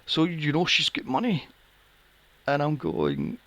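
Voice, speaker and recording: A man's voice: a little high, wildly swooping pitch, measured pace, fairly bright tone. A man hosting a casual film review podcast, sarcastic and swearing freely. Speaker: podcast host.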